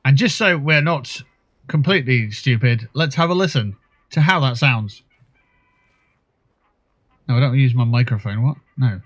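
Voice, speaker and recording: Guy livestreaming a game, chatty, muttering to himself, swears a bit, medium pitch. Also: measured pace, long pauses, no echo. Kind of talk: casual gameplay commentary.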